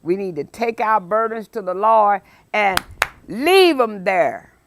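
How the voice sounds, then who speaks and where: A woman pastor delivers a midweek Bible study sermon, preaching emphatically, drawing out key phrases with deliberate stress, and reading scripture with dramatic force. Her medium-pitched voice is animated, with background noise in the recording.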